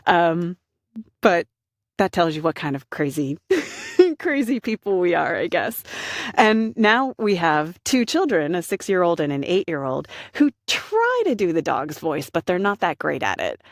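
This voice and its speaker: Low-voiced woman telling an anecdote. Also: big pitch swings, measured pace, no room sound, clean studio sound. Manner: warm-hearted, self-deprecating, chatty. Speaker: voice actor. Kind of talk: personal anecdote.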